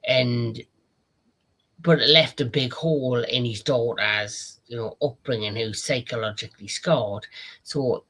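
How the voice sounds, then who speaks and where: A man with a bright, forceful tone talks through a series review in a loose, casual way. He rushes eagerly through the plot, tripping over his words and dropping in the odd swear word. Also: medium pitch, slightly rough. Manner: retells scenes eagerly, with false starts and casual swearing. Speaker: TV review show host.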